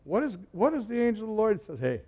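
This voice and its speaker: High-voiced preacher swinging hushed to loud. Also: male voice, sing-song, quick pace, husky. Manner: dynamic, swings from hushed to shouted; call-and-response with the congregation. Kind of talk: sermon.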